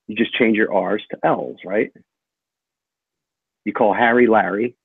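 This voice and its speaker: A man's voice: fairly low pitch, fairly even intonation, a little slow, gravelly, breathy edge, no room sound, phone-quality sound. A man in casual livestream banter, telling crude jokes.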